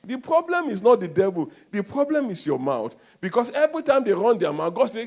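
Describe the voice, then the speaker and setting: A man with a Nigerian accent preaching a sermon as a pastor, with sudden loud outbursts and calls for the congregation to answer back. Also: high-pitched, big pitch swings, fairly quick, hardly any pauses.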